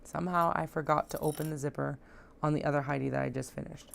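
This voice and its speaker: A woman's voice: deep voice, fairly even intonation, fast, vocal fry, a little hiss or hum. A woman talking casually as she sews, joking and chatting to herself while she works in a home sewing room. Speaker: sewing vlogger.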